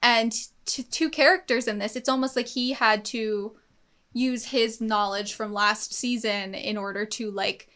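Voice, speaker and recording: A young woman with a slightly high voice talks in a relaxed, enthusiastic way. She thinks aloud as she goes, with plenty of fillers and small restarts, like a co-host in a casual discussion. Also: unhurried. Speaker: co-host of an anime reaction channel.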